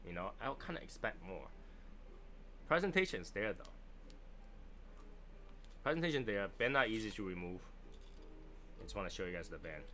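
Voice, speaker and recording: A man's voice: lowish voice, expressive, moderate pace, pauses often, pushed and bright. A man with a Chinese accent hosting a casual cigar livestream, chatty and joking as he answers viewers. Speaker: livestream host reviewing cigars. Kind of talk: casual live chat.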